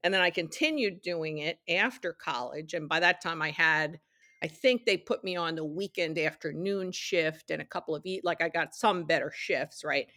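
Middle-aged woman guest, low-pitched and chatty, dry close recording. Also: normal speed, sharp tone, no room sound. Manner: chatty, acts out quoted dialogue in her anecdotes. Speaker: interview guest, studio executive. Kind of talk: casual storytelling interview.

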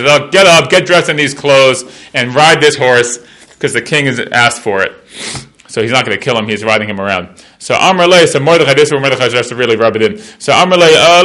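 A man's voice: fairly high pitch, bright, forceful tone. A man teaching a Talmud page in a casual class, reading Aramaic and translating it line by line in a chatty way, full of fillers.

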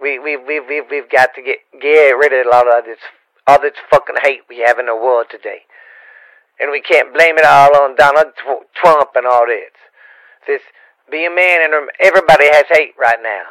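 A man's voice: mid-range voice, normal speed, fairly bright tone, dry recording, natural voice, poor audio. A man voicing a rambling, affectionate older Cajun uncle in a put-on Louisiana accent, stammering through repeats and folksy rhymes on a comedy podcast. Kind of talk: comedic podcast character bit.

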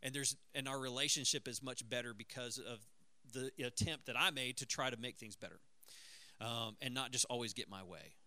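A middle-aged man, a high school pastor, giving a conversational, self-deprecating talk to parents with stories and asides to the audience. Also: moderate pace, sharp tone, no echo.

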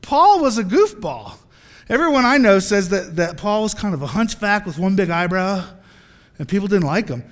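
A man preaching a sermon in an animated, joking way, acting out little scenes as he goes. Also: high voice, moderate pace, long reverb tail.

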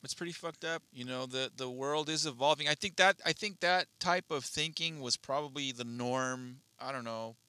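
Bright-voiced man rambling in casual chat. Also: medium pitch, normal speed, few pauses, clean tone, no room sound. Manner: rambling, hesitant, swears. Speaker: podcast co-host.

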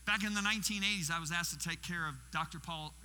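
A high, sharply bright male voice preaches as a guest speaker in his sixties. He tells his stories with acted-out quotes and direct questions to the congregation. The sound rings with the long reverb of a big hall, over a faint mains hum. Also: quick pace. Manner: storytelling, acting out quotes and questioning the audience. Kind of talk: sermon.

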